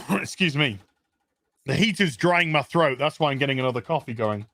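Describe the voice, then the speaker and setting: A man hosting a casual commentary show from his kitchen, ranting in an animated, sarcastic way and swearing freely. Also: mid-range voice, normal speed. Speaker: show host. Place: home kitchen.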